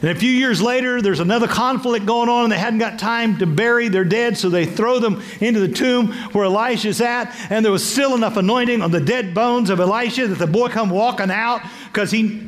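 A man in his sixties, a bishop preaching a sermon with playful, animated storytelling and acted-out voices. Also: high-pitched, brisk, long reverb tail. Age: 60s.

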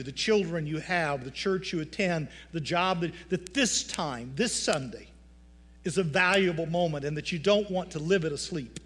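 A male pastor delivers a sermon from the pulpit. He leans on folksy, humorous storytelling to make his points. His voice sits a bit higher than most men's. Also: a bit bright.

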